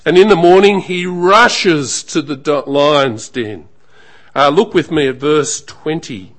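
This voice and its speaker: Man, sermon, slow deliberate delivery, slightly higher voice, emphatic with soft trailing endings. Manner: measured, emphatic preaching with falling, trailing phrase ends. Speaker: preacher.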